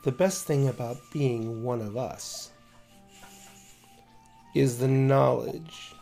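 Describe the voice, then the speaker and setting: A man voicing a seductive, menacing female vampire in a low, breathy, sultry murmur. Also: slow pace, warm tone, soft background music.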